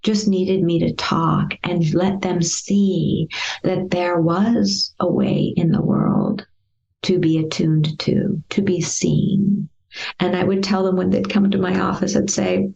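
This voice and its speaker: A woman therapist speaking as an interview guest, her voice gravelly with a dark, mellow tone. She tells stories gently and acts out the dialogue as she goes. The audio is dull and somewhat lo-fi. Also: on the low side, takes it slowly. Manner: gentle, lively storyteller acting out past dialogue. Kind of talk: interview storytelling.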